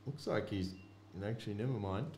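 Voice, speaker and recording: A man's voice: lowish voice, brisk, a little mellow. A man hosting a card break, chatting offhandedly to viewers as he opens packs. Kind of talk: casual card-break commentary. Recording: echoey room with faint noise.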